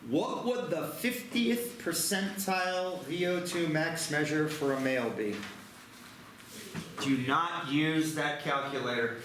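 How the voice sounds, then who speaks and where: Male math teacher, high and lively, self-mocking humor, booming classroom echo. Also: slow pace, slight background noise. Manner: joking, self-deprecating. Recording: echoey classroom.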